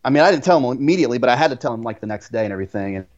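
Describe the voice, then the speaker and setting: A man's voice: medium pitch, animated, very fast, darkish tone. A young man who is a guest on a podcast, speaking in a middling voice over a slightly dull, lo-fi line. He chats casually and fills his speech with "like" and restarts. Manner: filler-heavy, says "like" constantly. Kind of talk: casual chat.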